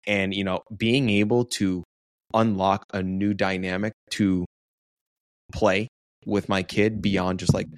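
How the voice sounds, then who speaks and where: A man in his thirties talks in an upbeat, joking way and fills his speech with "um" and "like." His voice sits a little low, and the sound is dry and close. It is a casual podcast chat. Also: little pitch movement, takes it slowly, no room sound. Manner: upbeat, joking, filler-heavy. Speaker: podcast co-host.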